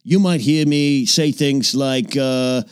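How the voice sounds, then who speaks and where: A man in character as an aging, boastful old-Hollywood film producer who hosts a comedy podcast, rambling and name-dropping, sometimes dropping into low confidential mutters. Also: slow, darkish tone, clear, resonant tone, dry recording, clean studio sound, close to an everyday voice. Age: older. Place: small home recording nook.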